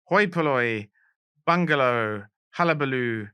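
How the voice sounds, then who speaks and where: A man's voice: medium pitch, animated, unhurried, pushed and bright, smooth, no echo. A South African man co-hosting a trivia podcast, posing questions and explaining answers in a playful manner. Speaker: podcast co-host, quizmaster. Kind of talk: casual trivia chat.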